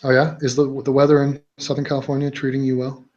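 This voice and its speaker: A young man hosts his own livestream, talking bluntly and rambling through fillers and false starts. His voice has a husky edge. The sound is a little dull and lo-fi. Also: mid-range voice, monotone, fast, darkish tone. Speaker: livestream host. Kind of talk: casual livestream chat.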